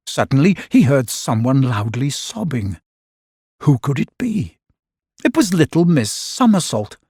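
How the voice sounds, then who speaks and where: Slow expressive man reading a storybook. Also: fairly high pitch, slightly rough, no echo, clean studio sound. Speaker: narrator.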